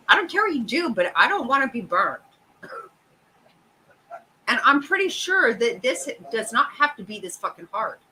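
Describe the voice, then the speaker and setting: A woman's voice: a little high, sing-song, moderate pace, pauses often, pushed and bright, breathy edge, low-quality recording. A middle-aged woman hosting a casual chat, profane and exasperated, laughing often. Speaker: host.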